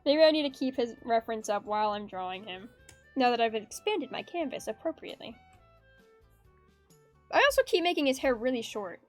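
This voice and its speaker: A woman's voice: fairly high pitch, lively intonation, a little fast, long pauses. A woman streaming her art, chatting casually in a rambling, giggly way and reading chat aloud. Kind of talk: casual chat while drawing. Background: faint background music.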